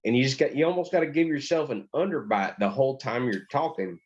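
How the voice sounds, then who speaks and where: A man's voice: medium pitch, expressive, quick pace, dull audio. A man with a Texan accent, co-hosting a podcast, telling rambling joking stories in casual chat. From Texas. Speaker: podcast co-host.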